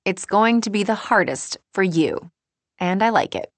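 A woman reading an audiobook, voicing an upbeat, coaxing young woman a little higher and louder than her narration. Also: expressive, a little slow, dry recording. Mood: bright, coaxing.

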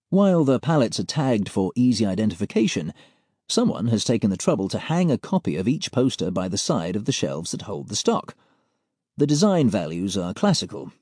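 A man reading a first-person story aloud in a wry, deadpan way, close to a studio mic. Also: on the low side, slightly rough, no echo. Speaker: audiobook narrator. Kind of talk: scripted first-person narration.

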